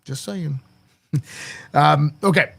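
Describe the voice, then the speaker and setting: The host of a daily political commentary show talks bluntly and crassly, cursing often and repeating words as he stumbles into restarts. His voice is on the high side and a bit bright, gravelly with a breathy edge, and he speaks slowly.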